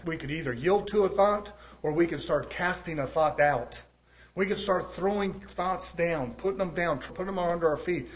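Male preacher, folksy sermon, swells loud then drops soft, slightly high voice. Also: moderate pace. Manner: folksy, rising and falling in volume, preaching cadence.

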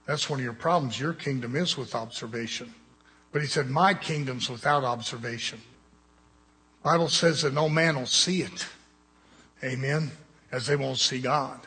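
A man's voice: medium pitch, normal speed, pushed and bright, husky, big-room sound. A man preaching a sermon, with blunt, conversational jabs at his congregation.

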